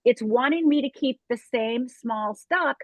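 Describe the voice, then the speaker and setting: Woman, coach, emphatic, plays out inner voices, high-ish voice, dry sound. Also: unhurried, dry recording. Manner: emphatic, acts out inner voices, tags "right?". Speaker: fear coach guest. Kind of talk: interview conversation. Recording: dull lo-fi call audio.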